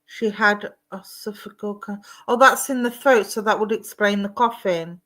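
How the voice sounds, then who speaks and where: Woman medium, chatty and affectionate, mid-pitched voice. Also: moderate pace. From London. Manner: warm, chatty, calls viewers "my darling". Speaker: psychic medium. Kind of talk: live-streamed psychic readings.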